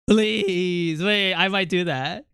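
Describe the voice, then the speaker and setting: Streamer just rambling at chat, smooth clean voice, dry close sound, hops topic to topic. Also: medium pitch, slow pace, dry recording. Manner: rambling, excitable, jumping between topics. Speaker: livestreamer chatting with viewers. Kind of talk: casual stream chatter.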